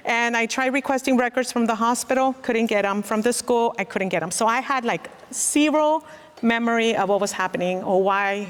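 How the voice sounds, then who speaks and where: A woman in her forties, a child protective services worker, giving an earnest, reflective personal testimony. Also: on the high side. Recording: long reverb.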